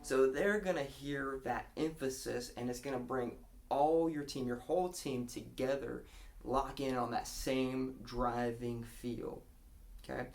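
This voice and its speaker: A man's voice: mid-range voice, fairly even intonation, a little slow, vocal fry. A man giving a casual guitar lesson, explaining a strumming pattern and counting beats aloud. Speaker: guitar teacher.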